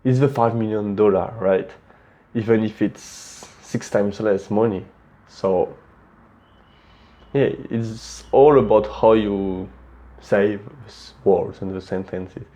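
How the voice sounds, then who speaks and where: Low-voiced man with a French accent. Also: slow pace. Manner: relaxed and plain-spoken, frequent small restarts. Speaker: presenter giving speaking tips. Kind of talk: casual instructional talk.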